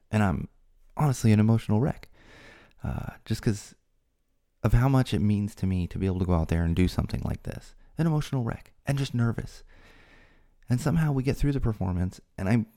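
A man with a dark, relaxed tone and some gravel in it hosts a podcast. He tells a personal story in an earnest, candid way, speaking from the heart. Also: on the low side. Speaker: podcast host.

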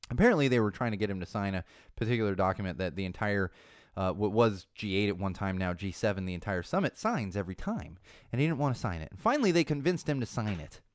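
A man hosting a podcast alone, ranting about the news in a profane, indignant way that swings between low asides and loud outbursts. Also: smooth, no room sound, clean studio sound. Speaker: podcast host. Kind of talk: solo podcast rant. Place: small studio.

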